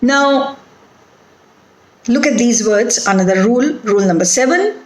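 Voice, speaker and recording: A woman with an Indian English accent giving a recorded phonetics lecture, speaking deliberately and spelling out letters one by one. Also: a little high, lively intonation. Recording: echoey room.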